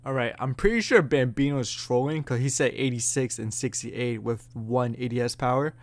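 A young man giving casual commentary over his own shooter gameplay, chatty and yelling at big plays. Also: mid-range voice, moderate pace. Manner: excitable, yells at big plays. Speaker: gaming YouTuber. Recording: loud game music and gunfire behind.

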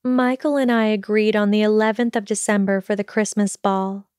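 A woman voicing an earnest, weary young witch student in a storybook reading, speaking quickly and pleadingly. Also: mid-range voice, fairly even intonation, a little mellow, smooth, no room sound, studio quality, faint music behind, lightly acted.

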